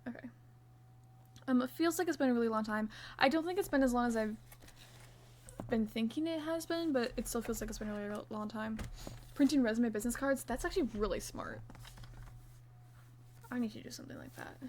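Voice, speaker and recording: A woman's voice: fairly high pitch, animated, brisk, pauses often, darkish tone, slight background noise. A young woman streaming live, chatting playfully with her viewers and counting stitches under her breath as she crochets. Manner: chatty, playful, reads chat aloud. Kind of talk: casual live-stream chat while crocheting.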